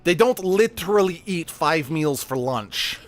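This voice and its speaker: A man's voice: a little high, expressive, unhurried, pitched above the performer's own voice. A man streaming in character as a reincarnated woman royal guard, putting on a fake Russian accent with formal, broken English over game commentary. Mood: deadpan.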